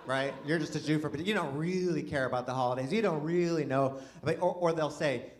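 A stand-up comedian with a slightly high voice talks fast with few pauses, delivering a rambling, self-deprecating set and chatting with the crowd. It's recorded at a live venue with audience laughter.

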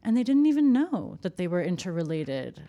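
A woman's voice: fairly low pitch, very animated, moderate pace, warm tone. A woman journalist talking casually in a conversation, full of "like" and "you know". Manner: chatty, frequent "like" and "you know".

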